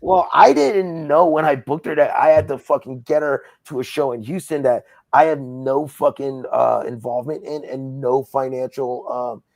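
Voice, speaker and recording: A man's voice: mid-range voice, moderate pace, gravelly, few pauses, a little mellow, dry recording. A man who works as a wrestling promoter, from Southern California, ranting in a heated, profane way during a casual interview.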